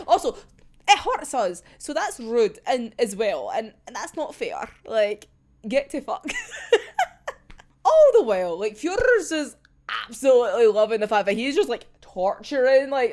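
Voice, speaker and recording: Woman, young, high voice, lively swings, swearing, laughing, casual vlog chat. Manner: animated, swearing a lot, laughing often. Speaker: manga reaction vlogger.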